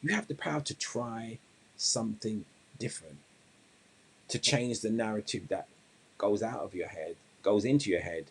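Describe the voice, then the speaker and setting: Rambling casually with several restarts, a man hosting a weight-loss coaching podcast works up to an earnest moral point in live-stream-style talk and storytelling. He speaks at a moderate pace in a fairly low voice with a breathy edge.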